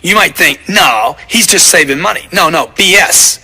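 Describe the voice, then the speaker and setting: Forceful, punchy man narrating with a husky edge. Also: fairly high pitch, animated, moderate pace, soft background music. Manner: emphatic, punchy, repeats key points for force. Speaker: author narrating his sales book. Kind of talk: motivational audiobook narration.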